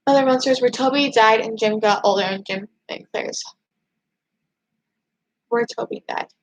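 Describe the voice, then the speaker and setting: A woman hosting a casual livestream, chatting and reading viewer comments aloud. She rambles excitably, restarting her sentences often. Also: fairly high pitch, normal speed, low-quality recording. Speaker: YouTube channel host.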